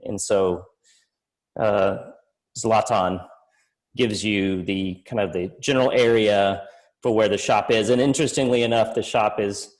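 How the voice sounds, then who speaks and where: A man's voice: fairly low pitch, fairly even intonation, a little slow, rough recording. A man narrating a tabletop game as game master, rambling with many fillers and laughing easily.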